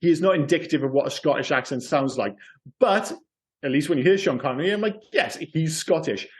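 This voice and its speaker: Eager, rambling man with a higher voice. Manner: enthusiastic, rambling, quick asides. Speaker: podcast co-host. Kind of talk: casual film chat.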